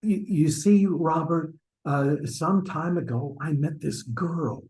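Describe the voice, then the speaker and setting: An acting student performs an online stage scene over a video call, playing a flustered husband hiding an affair who stammers sheepishly as he presses his friend. His voice is a little high and darkish, and he takes it slowly; the audio is poor.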